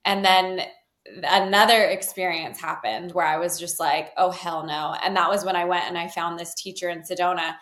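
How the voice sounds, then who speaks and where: A woman's voice: on the low side, fairly even intonation, moderate pace, a bit bright. A woman telling her personal story in an interview, talking loosely with many fillers and restarts. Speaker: guest, healer. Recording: roomy echo.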